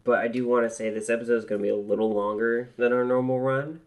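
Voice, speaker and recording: A woman's voice: a bass voice, fairly even intonation, quick pace. A woman co-hosting a podcast in casual chat, speaking hesitantly with frequent filler words, recorded in a newly moved-into apartment. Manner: apologetic, hesitant, many ums and likes. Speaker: podcast co-host.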